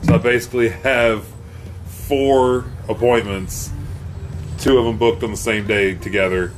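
A man's voice: mid-range voice, fairly even intonation, a little slow. Easygoing guy shooting the breeze, cussing, faint hiss behind. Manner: laid-back, profane, storytelling. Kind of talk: casual chat.

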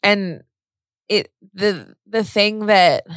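A young woman candidly telling a personal story in casual conversation, animated and full of "like". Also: mid-range voice, drawn-out words, clean tone, no room sound, studio quality. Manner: candid, animated retelling with frequent "like" and swearing.

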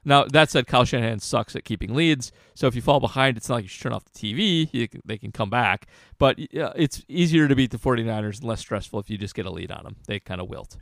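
A man with a gravelly, fry-tinged voice talks through football strategy on a podcast, stopping and restarting his sentences as he thinks. The sound is dry and close, with no room around it. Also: mid-range voice, dry recording. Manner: analytical, halting with restarts. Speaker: podcast co-host, football analyst. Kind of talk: casual sports podcast talk.

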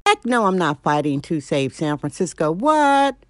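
A woman's voice: sits low, lively intonation, normal speed, noisy background. A middle-aged woman hosting her own show, ranting bluntly and sarcastically at home. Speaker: podcast host. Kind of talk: opinionated solo monologue.

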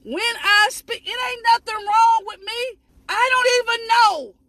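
A woman preaching a fervent sermon, shouting, repeating phrases, letting out sudden high whoops, and talking straight to her listeners. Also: measured pace. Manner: addresses listeners directly and asks them to repeat after her.

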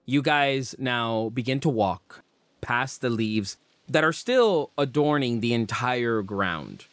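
Slow-narrating male game master. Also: medium pitch, animated, a bit bright, dry recording. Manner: descriptive, unhurried narration with casual fillers.

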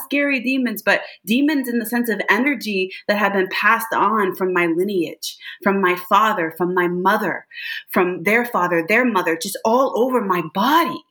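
A woman guest on a podcast, recounting a personal experience in an expressive, animated way, often adding "like" and "right?". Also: mid-range voice. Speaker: podcast guest, psychic medium. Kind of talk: personal storytelling in conversation.

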